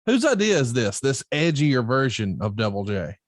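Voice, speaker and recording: A man's voice: medium pitch, sing-song, normal speed, no room sound. Man, co-host, chatty and teasing, long set-up questions, dry close mic. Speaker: podcast co-host. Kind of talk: casual interview chat.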